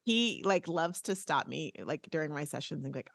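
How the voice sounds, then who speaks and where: A playful, talkative woman co-hosting a podcast, with a light lilt. Her voice sits low and sounds close and dry, with no room around it. She chats loosely and slips into quoted voices along the way. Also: expressive, brisk, vocal fry, a bit bright, dry recording. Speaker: podcast co-host. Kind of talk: casual podcast chat.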